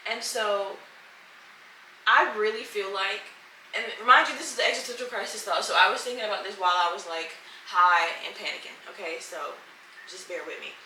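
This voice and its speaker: A woman hosts her solo podcast from home, talking in a loose, candid and profane way straight to her listeners. Her voice is bright and clear, picked up from a little way off the mic in an echoey room. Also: mid-range voice, a little fast, recorded from a distance, a little hiss or hum. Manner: candid, profane, emotional, addresses listeners as y'all. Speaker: podcast host. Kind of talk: casual solo podcast chat. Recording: roomy echo, slightly off-mic.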